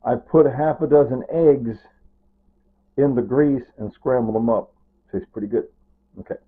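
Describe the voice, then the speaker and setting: An older man vlogger rambles through a casual monologue, repeating himself as he drifts toward grief and comes near tears. His medium-pitched voice is husky and moderately paced. The recording sounds tinny, like a phone.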